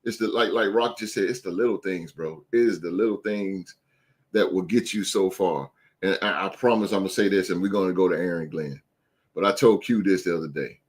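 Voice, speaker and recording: Loud, swearing male podcast host. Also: sits low, brisk. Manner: loud, swearing, animated and emphatic. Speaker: podcast host and youth basketball coach. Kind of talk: casual sports podcast chat.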